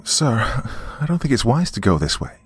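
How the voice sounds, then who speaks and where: Scared teen girl in a spoken horror story, high and pleading, voiced by a man. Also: big pitch swings, normal speed, slightly rough, soft background music. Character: frightened thirteen-year-old girl.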